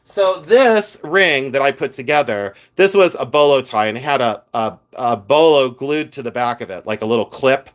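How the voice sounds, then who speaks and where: A middle-aged man hosting a live stream, chatting to viewers and showing off jewelry in an animated, rambling way with many asides. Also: medium pitch, normal speed, hardly any pauses.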